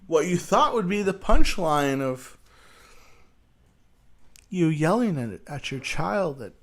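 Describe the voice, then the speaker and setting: A man's voice: a little high, very animated, slow. Crude mocking male roast host. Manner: crude, mocking, stammering restarts. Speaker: show host. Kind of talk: profane roast commentary.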